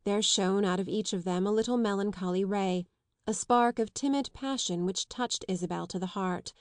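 A woman reads a classic novel aloud for an audiobook. Her reading is steady and clear, in a mid-range voice. The sound is dry and close, with no room around it. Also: mid-range voice, moderate pace, no room sound. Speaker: audiobook reader. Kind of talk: scripted literary narration.

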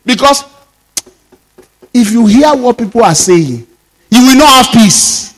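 A man's voice: very high-pitched, lively intonation, slow. A male pastor, preaching a sermon emphatically, repeating phrases and acting out little dialogues.

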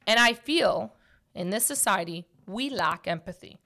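A woman's voice: medium pitch, measured pace, creaky. A woman in her thirties chatting casually, telling stories emphatically with lots of "like". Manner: emphatic, animated storytelling, frequent "like". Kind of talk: casual chat.

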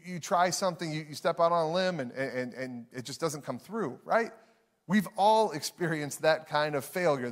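Conversational pastor preaching a sermon. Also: male voice, fairly high pitch. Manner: conversational storytelling with frequent restarts; acts out voices in anecdotes. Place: church hall with live audience.

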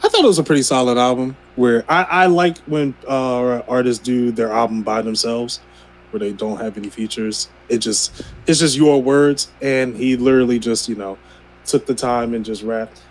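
A man's voice: medium pitch, normal speed, rough recording. A man co-hosting a podcast in casual chat, laughing easily and often restarting his sentences. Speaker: podcast co-host.

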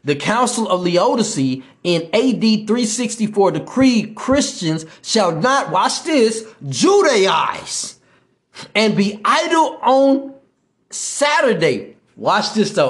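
Man, podcast preacher, slangy street talk, lively swooping pitch, echoey room. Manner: preachy, repeats "right?", reads aloud with stumbles. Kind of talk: informal religious teaching.

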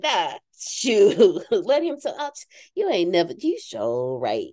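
A woman hosting a casual talk show, laughing often and dropping into quiet asides. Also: medium pitch, slow. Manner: animated, laughs often, drops to a hushed aside. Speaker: host. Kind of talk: casual chat.

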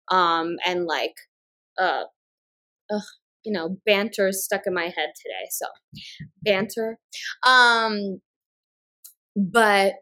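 A woman co-hosting a podcast in casual chat, rambling with lots of filler words and getting animated when she retells a scene. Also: mid-range voice. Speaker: podcast co-host.

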